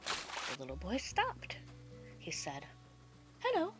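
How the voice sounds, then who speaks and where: A woman reads a children's storybook aloud with lively, swooping pitch and dramatic expression. Her mid-range voice carries the narration. Music plays clearly beneath her. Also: moderate pace. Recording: music playing underneath.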